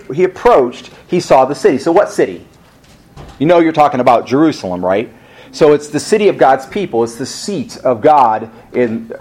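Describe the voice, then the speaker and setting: A man's voice: mid-range voice, darkish tone. A male pastor preaching a sermon in a conversational way, asking rhetorical questions and rising for emphasis.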